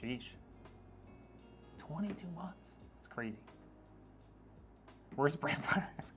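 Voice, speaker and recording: A man's voice: a little high, expressive, slow pace, fairly bright tone, soft background music. Joking man reading a live chat. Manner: joking, teasing, laughs often. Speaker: streamer building PCs. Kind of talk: casual live-stream chat reading viewer messages.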